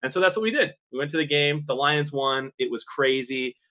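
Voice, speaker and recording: A man cohosts a podcast and tells stories with real excitement, laughing along the way. His voice is bright and forward. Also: a little high, fairly quick. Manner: excited storytelling, laughs often. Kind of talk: casual chat.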